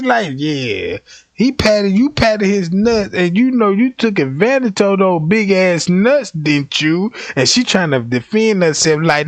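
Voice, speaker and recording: A rowdy young man riffs to his livestream chat in a high voice that leaps all over the place. He swears freely and rants his stories with animated comic energy. The sound is dry and close, with no room around it. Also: moderate pace, no room sound. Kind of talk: casual livestream storytelling.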